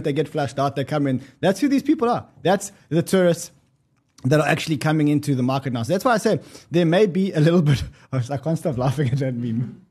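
A man's voice: fairly high pitch, darkish tone, husky. A man hosting a casual market show, talking animatedly, laughing often, swearing and repeating words as he goes. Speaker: host.

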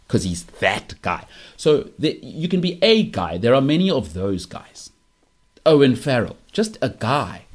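A South African man with a husky, slightly rough voice, talking through a podcast monologue. He teases and jabs with emphatic confidence, circling back to the same punchlines again and again. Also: mid-range voice. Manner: teasing and emphatic, repeats punchlines. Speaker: podcast host. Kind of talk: opinionated monologue.

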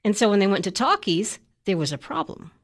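A woman co-hosting a film review podcast, chatting in a playful way with quick asides. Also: medium pitch, very animated. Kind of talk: casual chat.

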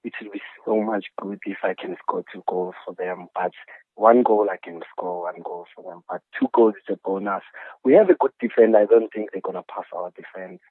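A football striker speaking confidently as a guest over the phone. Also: male voice, lowish voice, brisk, breathy edge, no echo. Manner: confident, plain-spoken. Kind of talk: phone interview. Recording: tinny dry phone line.

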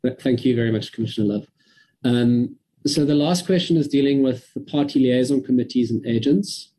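A man from South Africa giving a measured, careful briefing to a parliamentary committee over a video call. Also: mid-range voice, mellow, poor audio. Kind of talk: formal briefing.

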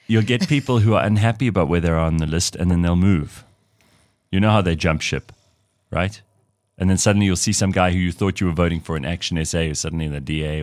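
A man from Africa with a very deep voice co-hosts a radio show, chatting casually and telling stories animatedly while laughing and putting on voices. The recording has no room sound.

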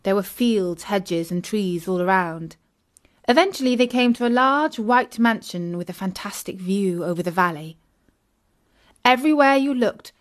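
Woman reading a kids' story. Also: medium pitch. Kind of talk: children's audiobook narration.

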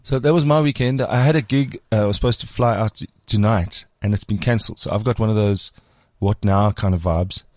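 A man's voice: lowish voice, fairly quick, hardly any pauses, a little mellow, no room sound, studio quality. A man with a Cape Town South African accent, hosting a podcast in casual chat, laughing often and slipping into put-on voices. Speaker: podcast host.

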